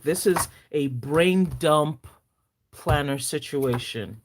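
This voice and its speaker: A woman with a Nigerian accent chatting casually on a live stream, excitable, gasping and teasing her viewers playfully. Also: low voice, takes it slowly, background noise. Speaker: planner vlogger.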